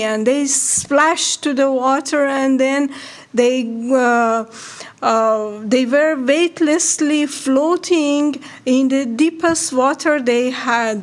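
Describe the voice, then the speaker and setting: A woman tells a folk tale aloud for a radio audience in a slow, unhurried way. Her voice sits a little high, and she pauses and restarts often as she searches for words. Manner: slow, halting telling with many restarts. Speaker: storyteller.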